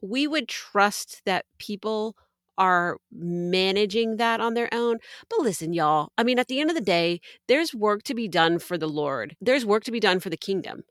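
A woman's voice: medium pitch, animated, normal speed, fairly bright tone, no echo, studio quality. A woman co-hosting a faith podcast, talking in an earnest, preachy, rallying way. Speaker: podcast co-host.

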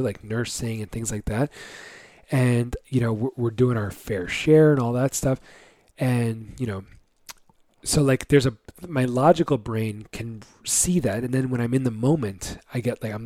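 A man's voice: mid-range voice, dark tone, dry recording. A man in his thirties talking candidly and casually, giving motivational advice to other fathers with many fillers. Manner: candid and conversational, lots of fillers.

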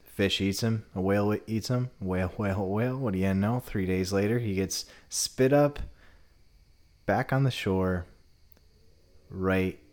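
Man, deep-ish voice, casual storytelling, relaxed, sometimes quiet. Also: measured pace. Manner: relaxed retelling, often drops to a quieter tone.

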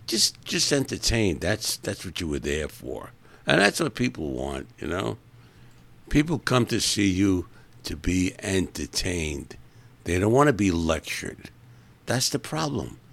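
A man with a very low, gravelly voice grumbles through an offhand solo monologue. He rambles from one gripe to the next in an opinionated, chatty way. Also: sing-song, a little slow, a bit bright. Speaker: podcast host.

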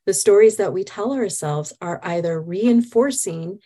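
A woman's voice: mid-range voice, lively intonation, unhurried, warm tone. A woman guest, a hypnotist, speaking in an earnest, enthusiastic and reflective way. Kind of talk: casual chat.

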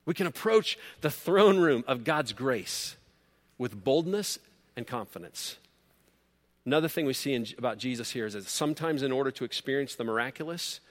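A man preaching a sermon, earnest and emphatic, rising to loud peaks and then dropping low. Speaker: pastor. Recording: long hall reverb.

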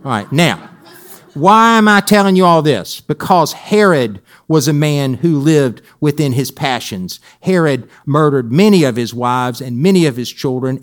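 A man's voice: mid-range voice, lively intonation, moderate pace. A male pastor giving a sermon in a conversational way, with wry humorous asides and phrases repeated for emphasis.

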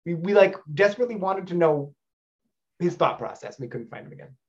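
A man in his thirties, a stage actor, telling casual anecdotes in a rambling, animated way. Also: on the high side, fast, vocal fry, muffled recording. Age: 30s. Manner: rambling with frequent fillers and restarts, animated storyteller.

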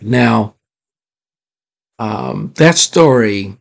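A man hosting a motivational podcast, telling a story in a drawn-out, deliberate way and putting rhetorical questions to his listeners. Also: lowish voice, lively intonation, creaky. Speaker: podcast host.

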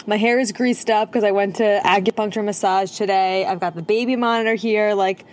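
A woman's voice: mid-range voice, fairly even intonation, a little fast. A woman hosting a casual podcast from her car, talking in a bubbly, chatty way into a propped-up phone. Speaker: podcast host and holistic nutritionist. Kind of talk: casual chat. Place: inside a parked car at night.

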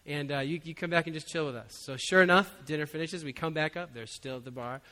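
A man preaching as a pastor, telling a personal story in a relaxed, conversational way with frequent chuckles. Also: fairly high pitch, fast. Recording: long hall reverb.

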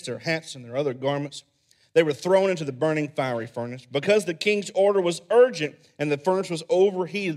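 A man preaching a sermon, acting out the people in the story with loud bursts and then dropping to soft, quiet endings. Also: medium pitch, vocal fry. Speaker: pastor.

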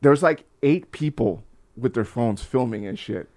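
A man in his forties tells a wild story as a podcast guest, in a middle-pitched voice. He swears freely and jumps into the voices of the people in his tale, getting loud and worked up as the story builds. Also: normal speed. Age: 40s. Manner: animated, profane, acts out voices in his stories. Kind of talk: casual storytelling.

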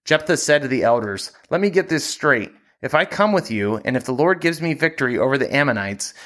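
A man reading a Bible passage aloud in a steady, measured way, hosting a scripture podcast. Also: medium pitch.

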